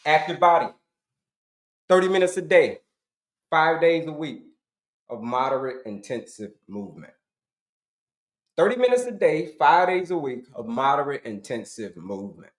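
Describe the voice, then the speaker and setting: A man's voice: fairly high pitch, reverberant. A middle-aged man giving an emphatic, repetitive health coaching talk, asking and answering his own questions to the audience.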